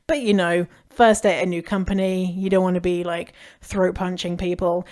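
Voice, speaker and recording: A woman's voice: mid-range voice, a little slow, hardly any pauses. Frank, chatty British woman. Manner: chatty and frank, swears freely, laughs easily. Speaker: podcast host. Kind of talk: casual advice monologue.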